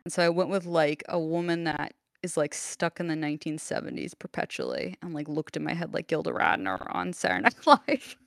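A woman's voice: sits low, lively intonation, a little fast, creaky, few pauses, no echo, studio quality. Rambling self-deprecating woman podcaster. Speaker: podcast co-host. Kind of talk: casual podcast chat.

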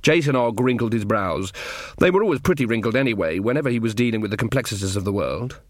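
A man's voice: fairly low pitch, expressive, fast, no echo. A man giving the scripted narration of an audiobook in a wry, dry storytelling manner.

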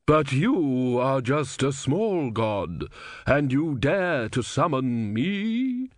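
A man voicing a vast, stately female sea goddess in a slow, cold, measured way. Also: mid-range voice, sing-song, no echo, studio quality, pitched above the performer's own voice. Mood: cold, haughty.

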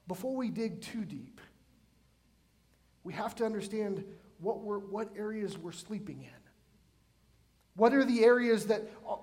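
A man's voice: sits high, darkish tone. A man in his forties preaching a sermon to his church, chatty and emphatic, often asking the congregation questions. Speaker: pastor. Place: church sanctuary.

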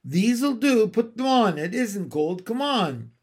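A man's voice: sits high, sing-song, measured pace, a little mellow, slightly rough, pitched above the performer's own voice, heavily acted. A man reading a storybook aloud, voicing a sensible older girl who talks practically and coaxes her brother along. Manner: practical, coaxing.

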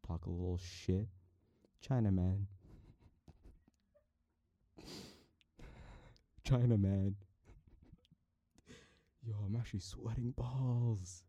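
A young man rambles playfully into the mic, musing to himself and sometimes shouting out loud. His voice sits fairly low. The sound is dry and close, with no room echo. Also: normal speed, slightly rough. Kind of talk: casual mic-testing rambling.

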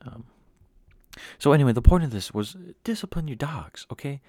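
A young man hosting a podcast, telling a rambling story in a casual, animated way with mocking asides. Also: mid-range voice, moderate pace, no echo, studio quality. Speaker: podcast host.

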